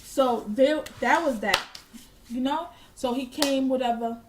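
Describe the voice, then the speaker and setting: A woman's voice: high-pitched, measured pace, noisy background. A young woman vlogger telling a casual storytime, blunt and profane, proudly petty and unbothered. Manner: boastfully petty.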